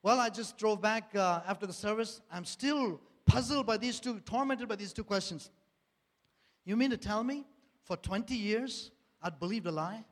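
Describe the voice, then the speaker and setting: A man with a notably high speaking voice gives an earnest personal testimony in church. He leans on repeated phrases and rhetorical questions, and his words ring out with a long hall reverb behind them. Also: normal speed.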